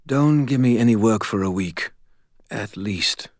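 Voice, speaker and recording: A man's voice: on the low side, unhurried, no echo, clean studio sound, voice pushed up, close to an everyday voice. A man voicing a weary male skull spirit who talks in a slurred, tired whisper. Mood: exhausted. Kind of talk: audiobook character voice.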